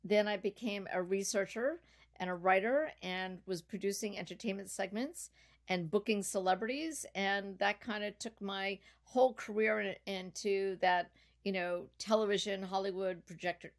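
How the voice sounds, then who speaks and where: A middle-aged woman, guest on a podcast interview, telling a long personal story in an animated, chatty way. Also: medium pitch, normal speed. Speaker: podcast guest, business founder.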